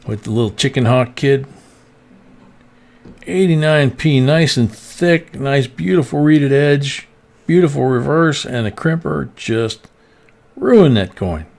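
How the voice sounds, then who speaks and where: Gravelly-voiced man chatting casually. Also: mid-range voice, animated, slow, a little mellow. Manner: rambling, many fillers and restarts. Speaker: host of a coin roll hunting live stream. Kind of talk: casual live-stream chat.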